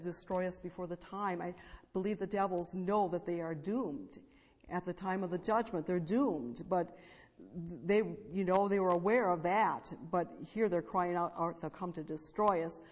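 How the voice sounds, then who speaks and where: A woman preaching a sermon, reading scripture aloud and explaining it plainly with small restarts. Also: on the low side. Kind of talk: sermon Bible teaching. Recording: long hall reverb.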